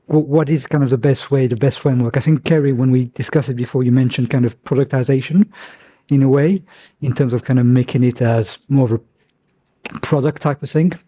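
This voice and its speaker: Hoarse man moderating, mellow voice. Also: medium pitch, steady tone, a little fast. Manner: rambling, many hedges like "kind of". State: losing his voice. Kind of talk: panel moderation.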